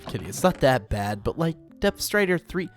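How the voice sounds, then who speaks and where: A man's voice: on the high side, sing-song, fairly quick, faint music behind. A young man from Oklahoma with an Oklahoman accent, hosting a casual gameplay let's play in a chatty, self-deprecating, rambling way. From Oklahoma, United States.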